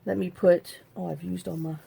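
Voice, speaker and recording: A woman's voice: on the low side, little pitch movement, a little fast, gravelly, warm tone, slight background noise. A middle-aged woman hosting a crafting video, rambling and chatting to herself as she works. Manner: rambling, talks to herself while working. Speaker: crafting channel host. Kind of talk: casual crafting tutorial chat.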